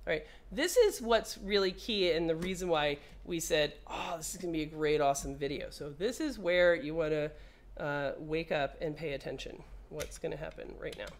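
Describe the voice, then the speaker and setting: With a low voice at normal speed, a woman technician guides viewers through a hands-on repair. She's casual and playful, addressing the device directly and letting curses fly when it misbehaves.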